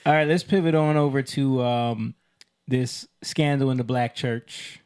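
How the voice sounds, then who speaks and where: A man's voice: medium pitch, measured pace, darkish tone, clear, resonant tone. A man hosting a casual podcast discussion, steering the topics and adding short agreements. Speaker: host.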